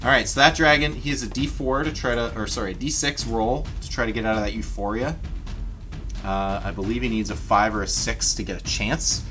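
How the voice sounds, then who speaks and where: A man narrating a livestreamed tabletop battle as game master, in an animated, chatty way, talking directly to his viewers. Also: medium pitch, fairly quick, faint music behind.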